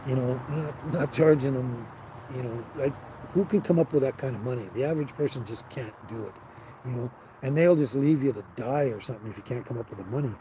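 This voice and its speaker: A man's voice: mid-range voice, fairly quick, background noise. Man rambling on a live stream. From Canada. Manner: rambling, talks to chat viewers by name. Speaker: livestream host. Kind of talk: casual live-stream chat.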